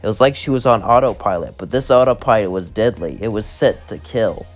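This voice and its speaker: A man's voice: on the low side, animated, fairly quick. A man narrating a fan story, chaining his sentences with "as" and "would", with faint music behind him.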